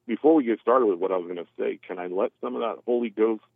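A man calling in by phone, rambling and halting with self-deprecating restarts. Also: lowish voice, gravelly, no echo. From California. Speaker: caller. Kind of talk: phone call-in chat. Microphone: telephone. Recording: tinny phone line.

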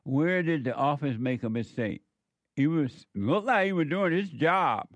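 A man's voice: fairly high pitch, animated, measured pace, no echo, highs cut off. A man giving a preachy, sarcastic commentary on a news clip, mocking and repeating his phrases for emphasis.

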